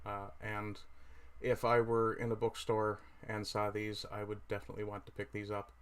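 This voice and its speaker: Newfoundland man with a low voice, chatting casually. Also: completely flat delivery, normal speed, clean tone. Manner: rambling, self-correcting, chatty asides while browsing. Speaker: livestream host. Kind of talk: casual livestream chat.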